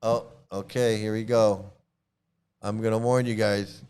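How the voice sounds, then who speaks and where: A man's voice: on the low side, level tone, measured pace, a little mellow, clear, resonant tone. A man hosting reaction commentary, scornful and blunt, stumbling and repeating himself as he mocks what he hears. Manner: scornful, repetitive, stumbling restarts. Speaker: commentary host.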